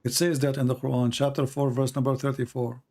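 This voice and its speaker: Male debate host on a live stream, mid-pitched, combative, hammers questions and reads quotes deliberately. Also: little pitch movement, darkish tone. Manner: argumentative, presses with repeated questions.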